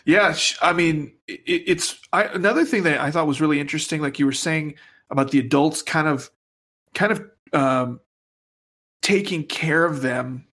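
Slightly high-voiced male co-host. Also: moderate pace, fairly bright tone. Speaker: podcast co-host. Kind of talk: casual chat.

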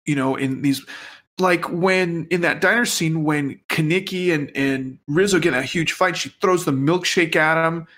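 A man's voice: fairly high pitch, normal speed, a bit bright. A man co-hosting a podcast in casual chat, hesitant and full of fillers. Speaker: podcast co-host.

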